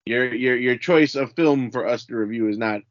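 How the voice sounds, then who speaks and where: Relaxed, teasing male podcast co-host; dull, dry lo-fi recording. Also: mid-range voice, no echo. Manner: laid-back, teasing, halting with fillers. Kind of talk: casual podcast chat.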